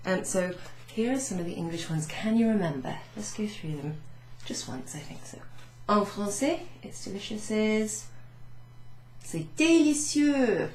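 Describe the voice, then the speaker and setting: A woman French teacher recapping a beginners' lesson, chatty, saying French phrases slowly with teacherly emphasis. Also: mid-range voice. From Wales. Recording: echoey room with faint noise.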